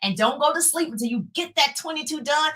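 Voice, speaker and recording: High, bright, hyped-up woman coach. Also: brisk. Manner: energetic, hyped-up, cheering on viewers. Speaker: sales coach. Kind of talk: live-stream coaching talk.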